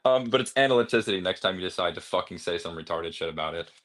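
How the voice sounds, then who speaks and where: Fast, bright, profane male debater. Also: deep voice, expressive. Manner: aggressive, profane, mocking. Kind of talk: heated online debate.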